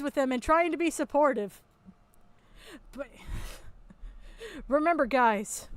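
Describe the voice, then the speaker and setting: Mocking high-voiced woman commentator. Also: animated, slow, pauses often, no echo. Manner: mocking, sarcastic, swears a lot. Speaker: commentary video host. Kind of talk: sarcastic commentary over a call recording.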